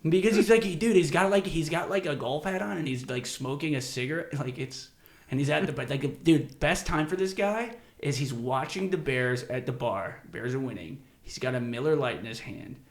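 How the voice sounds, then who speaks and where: A man's voice: a little high, expressive, moderate pace, echoey room. A man hosting a podcast, telling rambling, profane stories in casual chat and laughing often. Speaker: podcast host.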